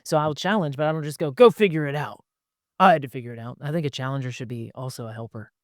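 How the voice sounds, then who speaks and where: A man's voice: mid-range voice, very fast, no room sound, studio quality. A man who is a pastor, talking emphatically on a podcast and acting out the people he quotes. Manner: emphatic, acts out quoted people in different voices. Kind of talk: conversational podcast discussion.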